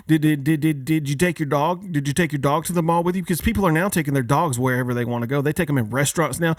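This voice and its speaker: A man's voice: fairly high pitch, dry recording, clean studio sound. A man hosting a podcast, a father of young kids, delivering a joking, casual holiday rant and firing many questions at his listeners. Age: adult, father of young kids. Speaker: podcast host.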